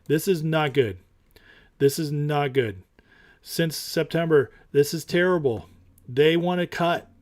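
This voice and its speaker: A man hosting a casual stock market talk show, animated and opinionated, who repeats his points for emphasis. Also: slow. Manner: mocks others in high put-on voices.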